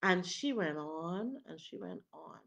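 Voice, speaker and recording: A woman, preaching as a prophetess and telling a personal testimony with animated acted-out dialogue. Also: fairly low pitch, slow pace, vocal fry. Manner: animated, acts out the other people's lines. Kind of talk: testimony storytelling. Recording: dull lo-fi recording.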